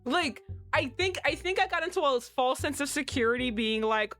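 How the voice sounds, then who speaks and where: A woman streaming herself playing a game, reacting with loud, swearing outbursts and laughter. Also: high voice, animated, moderate pace, faint music behind. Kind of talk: livestream game commentary.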